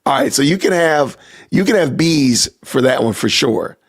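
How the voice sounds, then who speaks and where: A man hosting a casual livestream podcast, reacting out loud and talking to his viewers as "y'all". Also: on the high side, animated, normal speed. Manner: talks to chat with y'all, reacting loudly. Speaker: podcast host.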